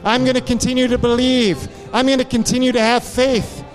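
A man's voice: very high-pitched, flat delivery, a little fast, soft background music. A male pastor preaching with fervent, repeated exhortations during a church service. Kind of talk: sermon.

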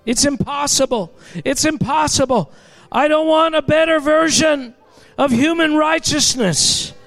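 Male preacher, very high pitch, gravelly edge, impassioned sermon delivery, faint music bed. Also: a little slow. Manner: impassioned, building to shouts.

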